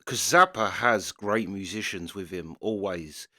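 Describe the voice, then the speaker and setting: A man's voice: low-pitched, a little slow, pushed and bright, no room sound, clean studio sound. A man hosting a reaction video, musing casually and hesitantly with restarts. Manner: thinking aloud, hesitant, restarting sentences. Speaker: reaction channel host. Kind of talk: casual commentary.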